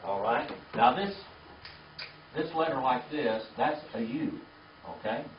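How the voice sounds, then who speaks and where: In a classroom or church meeting room, a medium-pitched man leads a Bible class at a measured pace, spelling out words letter by letter for the group to echo back. The sound is echoey, dull and lo-fi from a distant mic, with a little hiss or hum.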